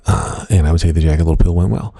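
A middle-aged man with a deep voice talks quickly as he hosts a solo diary podcast from his home office. He rambles casually in a wry, self-mocking way, using plenty of "uh" fillers.

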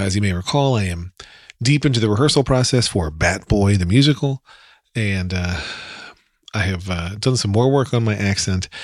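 A man's voice: on the low side, no room sound, clean studio sound. A man with a New Jersey accent hosting a casual solo podcast, chatty and rambling with self-deprecating asides. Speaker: podcast host.

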